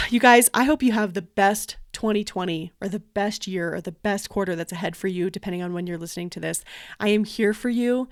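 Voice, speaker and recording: A woman's voice: medium pitch, brisk, dry recording, studio quality. A woman hosting a business podcast in a casual, encouraging way, speaking straight to her listeners. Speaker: podcast host and wedding venue owner. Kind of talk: casual solo podcast talk.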